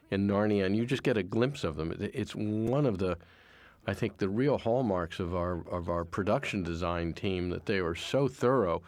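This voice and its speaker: A man, the film's producer, giving a reflective, appreciative audio commentary, often repeating a word as he finds his thought. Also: low voice. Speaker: film producer.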